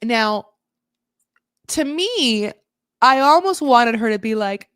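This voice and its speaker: A woman hosting a comedic recap of a reality show, talking in an animated, jokey way, laughing often and acting out what people said. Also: fairly high pitch, takes it slowly, smooth, dry recording, clean studio sound.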